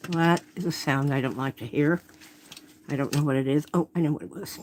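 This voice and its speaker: A woman's voice: deep voice, brisk, background noise. Chatty woman painting live on stream. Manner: chatty, self-interrupting, apologetic. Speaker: watercolor artist hosting a live stream. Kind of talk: casual live demonstration chat. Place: home art workspace. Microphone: phone camera.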